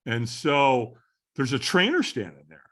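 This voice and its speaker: A middle-aged man, a podcast guest, tells a story with animated repetition. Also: mid-range voice, a little slow. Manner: animated storyteller who repeats phrases for effect. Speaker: podcast guest, firewalking instructor.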